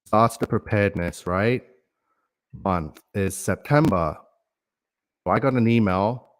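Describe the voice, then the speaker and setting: A man's voice: lowish voice, unhurried. A man hosting a casual livestream, rambling in a conspiratorial way and reading out viewer comments between his own thoughts. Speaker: livestream host.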